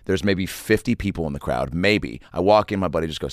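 A middle-aged man telling a story in casual chat as podcast host, slipping into quick voices of the people in it. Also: low voice, no room sound, studio quality. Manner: animated storyteller, does quick voices of people in his stories.

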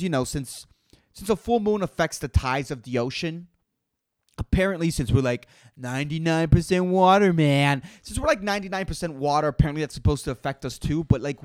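A young man on his own podcast, swearing freely and ranting with sarcastic exasperation. His slightly high voice leaps up and down all over the place. The sound is close and dry. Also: dry recording. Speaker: podcast host. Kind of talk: solo comedic rant.

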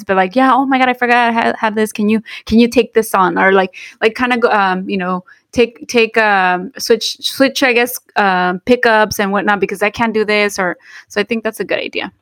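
A woman's voice: medium pitch, dry recording. Woman, thirties, podcast co-host, chatty, lots of fillers, dry close sound. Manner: chatty, thinks aloud with many fillers. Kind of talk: casual chat.

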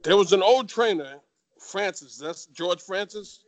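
A man's voice: high-pitched, a little slow. New York man telling boxing stories. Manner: animated anecdotal talk with fillers. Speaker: retired boxer guest. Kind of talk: casual interview storytelling.

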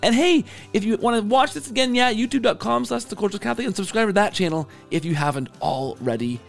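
A man hosting a podcast, hoarse and scratchy from allergies, gushing with enthusiastic praise as he wraps up an interview and signs off. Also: high voice, lively intonation, fast, soft background music. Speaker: podcast host. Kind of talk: casual interview wrap-up and sign-off. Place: home in Canada.

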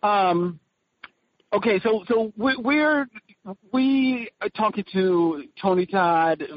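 A man's voice: sits high, animated, slow pace, a little hiss or hum. A man hosting a podcast, talking in a rambling way with many fillers and restarts. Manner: rambling, filler-heavy, self-correcting. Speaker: podcast host. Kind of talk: casual chat. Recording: dry dull lo-fi podcast audio.

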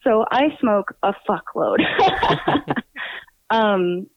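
A woman's voice: mid-range voice, animated, drawn-out words, no echo. A talkative woman with a New Jersey accent chats as a podcast guest, swearing casually and laughing between thoughts. Her voice comes through a thin, phone-like line with no room sound. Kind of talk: casual interview chat.

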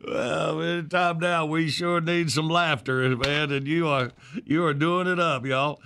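Bright-voiced easygoing male host. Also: fairly high pitch, fairly even intonation, measured pace, vocal fry, a little hiss or hum. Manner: easygoing and appreciative, reads guest intro with fillers. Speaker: morning show host. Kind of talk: casual interview chat.

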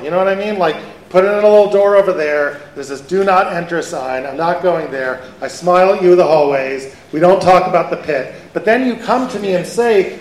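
A man, a rabbi, giving a lively conversational Torah lecture to a live audience and asking them questions. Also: high voice, normal speed. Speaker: rabbi teaching a Torah class. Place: event hall with an audience. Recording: echoey hall.

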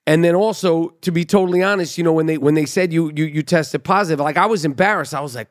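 A man's voice: fairly high pitch, quick pace, few pauses, no echo, studio quality. A man hosting his own podcast, retelling a story casually and profanely, acting out the dialogue. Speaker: podcast host.

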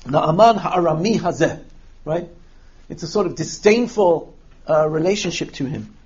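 A high-pitched man leads a text study lesson, his voice husky and a little breathy. He reads verses aloud and acts out the characters' words with lively energy. The recording sounds dull and lo-fi. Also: normal speed. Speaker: Torah teacher.

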